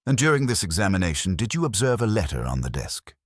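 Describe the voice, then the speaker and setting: A man's voice: on the low side, sing-song, fast, dry recording, studio quality, voice pushed up. A man voicing a shrewd, fussy older male detective who speaks precisely and formally. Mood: probing.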